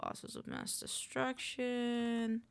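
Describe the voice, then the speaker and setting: A woman's voice: fairly high pitch, wildly swooping pitch, extremely slow, creaky, smooth. A woman streamer in casual live-stream chat at a desk microphone, rambling, muttering lists to herself and greeting her chat.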